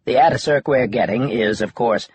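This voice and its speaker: A man's voice: medium pitch, moderate pace, husky, no echo, voice pushed up. A man voicing a formal, businesslike male executive in an audiobook.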